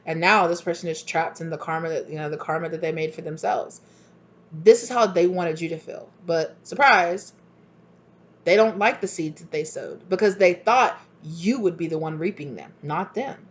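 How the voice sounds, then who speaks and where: Animated, blunt woman giving a tarot reading. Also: moderate pace. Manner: animated, acts out both sides of arguments in sudden high voices; blunt and swears freely. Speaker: tarot reader. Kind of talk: casual spoken tarot reading. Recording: dull lo-fi recording.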